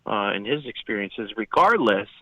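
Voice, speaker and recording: A man's voice: on the low side, big pitch swings, moderate pace, a bit bright, no room sound. A man talking at length on a podcast, rambling with many fillers and restarts. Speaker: podcast guest. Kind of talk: conversational podcast talk. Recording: dull lo-fi sound.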